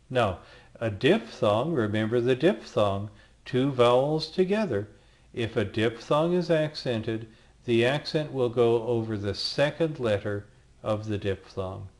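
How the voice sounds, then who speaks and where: Man, Greek teacher, recorded lesson, slow deliberate pace, patient, sounds out letters. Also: medium pitch, a little mellow. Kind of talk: screen-recorded language lesson.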